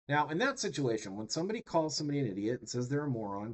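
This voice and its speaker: A man's voice: medium pitch, expressive, quick pace, few pauses, poor audio. A man lecturing a class in a loose, conversational way, peppered with fillers and tag questions. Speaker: instructor.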